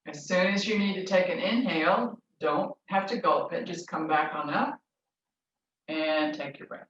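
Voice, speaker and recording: Woman guiding yoga, soft soothing cues, far from the mic in an echoey room. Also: lowish voice, unhurried, slight background noise. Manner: gentle, soothing instructions. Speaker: yoga teacher. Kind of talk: guided yoga instruction. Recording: roomy, distant, dull lo-fi.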